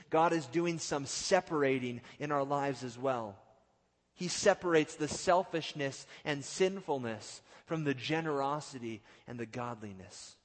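A male pastor preaching a sermon, swinging from loud outbursts to hushed, drawn-out lines and acting out the quotes. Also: mid-range voice. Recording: long hall reverb.

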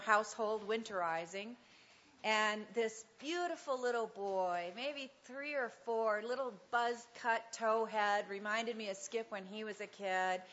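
A middle-aged woman speaking at a church women's gathering, telling a story with animation and then praying gently. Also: medium pitch, muffled recording. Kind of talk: devotional talk and prayer.

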